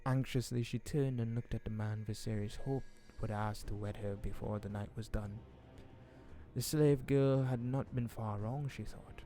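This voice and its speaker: A man reading a fantasy novel aloud in a relaxed, casual way, stumbling over words now and then. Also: medium pitch, normal speed, faint music behind. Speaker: audiobook reader. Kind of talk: casual audiobook reading with asides.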